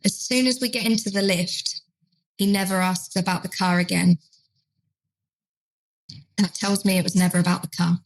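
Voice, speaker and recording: A woman's voice: on the low side, steady tone, moderate pace, pauses often, poor audio. A woman, a dementia trainer telling a care story in a podcast chat and acting out the quoted voices. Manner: acts out carers' and residents' lines in quoted voices.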